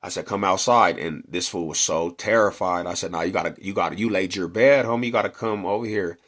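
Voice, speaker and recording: A man's voice: deep voice, fairly quick. Slangy man telling a street story. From Denver, Colorado. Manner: slangy, animated, acts out quotes and punches.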